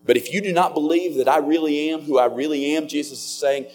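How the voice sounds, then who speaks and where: A man preaching a sermon as a pastor, earnest and slowing down on key words. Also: a little high, darkish tone, faint music behind.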